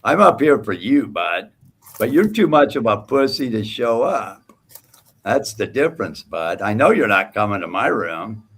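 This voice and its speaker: A man's voice: lowish voice, very animated, a little slow, fairly bright tone, husky. A man hosting a livestream panel, taunting and cursing at a rival in heated trash talk. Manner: profane, taunting, mocking. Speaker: livestream host.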